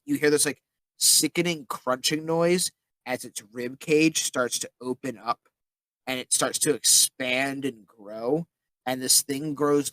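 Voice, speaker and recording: A man's voice: mid-range voice, a bit bright, dry recording, low-quality recording. Casual man running a game. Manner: casual narration full of filler words. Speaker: game master. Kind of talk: narrating a tabletop game.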